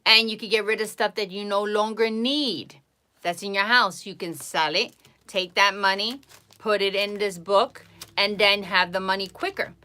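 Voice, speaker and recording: Bright-voiced woman giving blunt advice. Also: medium pitch, steady tone, normal speed. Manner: blunt, repetitive, emphatic. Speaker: psychic livestreamer. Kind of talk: casual advice monologue on a live stream.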